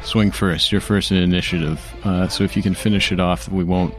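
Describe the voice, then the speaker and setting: A man's voice: low voice, flat delivery, fairly quick, soft background music. A man narrating a tabletop game as game master in a casual, rambling way with laughing asides.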